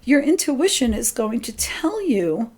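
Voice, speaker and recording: A middle-aged woman giving an earnest spiritual talk, gently coaching listeners about their intuition. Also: a little high, sing-song, measured pace, husky. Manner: gentle, earnest, quotes her inner voice in a lighter tone. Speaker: spiritual teacher.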